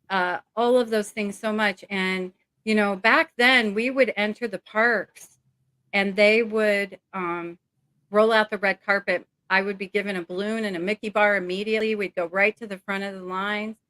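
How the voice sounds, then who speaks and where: A woman's voice: mid-range voice, fairly bright tone, no room sound. A middle-aged woman talking as an interview guest over a video call, rambling and emotional with many fillers.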